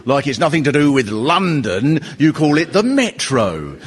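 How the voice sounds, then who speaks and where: Guy doing stand-up, bouncy lively delivery, big echoey hall, bit of noise behind. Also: a little high, measured pace. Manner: chatty, animated observational storytelling. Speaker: stand-up comedian and host. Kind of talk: live stand-up comedy. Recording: reverberant live hall.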